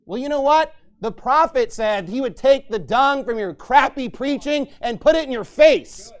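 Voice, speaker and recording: A man preaching a fiery sermon as pastor, angry and mocking, shouting at times. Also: very high voice, animated, normal speed.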